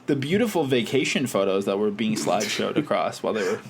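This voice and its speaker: A man's voice: fairly low pitch, animated, quick pace, background noise. A man from Calgary co-hosting a podcast, talking in a rambling, wry way and laughing easily. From Calgary, Canada. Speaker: podcast co-host. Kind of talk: casual chat.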